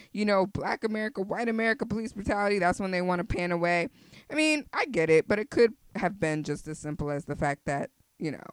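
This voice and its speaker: A woman's voice: fairly low pitch, smooth, dry recording. A woman hosting her own podcast, chatting casually and expressively with plenty of fillers into a close studio mic. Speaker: podcast host. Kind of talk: casual solo podcast chat.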